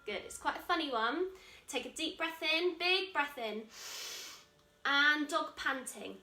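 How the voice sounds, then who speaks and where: A woman with an English accent guiding a children's yoga class, calling out moves in a gentle, encouraging way. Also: high voice, expressive, normal speed, very noisy. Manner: encouraging, gentle, calls out moves while exercising. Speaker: kids yoga instructor. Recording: echoey room, voice from a distance, soft music.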